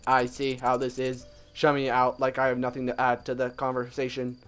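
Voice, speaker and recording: A man voicing a sassy, aloof male robot bird in a game let's play, slow and drawling. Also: mid-range voice, completely flat delivery, fairly bright tone, clear, resonant tone, faint music behind, natural voice.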